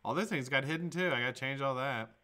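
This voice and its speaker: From a home room with a green screen, a man hosts his daily live vaping show, chatting casually in a mid-range voice that sounds pushed and bright. He talks quickly, joking and swearing as he rambles through the stream.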